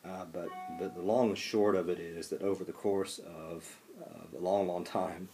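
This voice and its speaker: Deep-voiced, gravelly male lecturer. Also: fairly even intonation, moderate pace, dark tone, soft background music. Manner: conversational, many fillers and restarts. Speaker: college lecturer. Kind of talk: classroom lecture.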